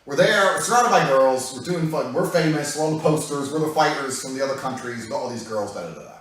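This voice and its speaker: Guy telling a wild story, pitch jumping all over, swears a lot, sounds far from the mic in a big echoey room. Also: fast. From England. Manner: animated, profane storytelling that breaks into laughter. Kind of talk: casual anecdote.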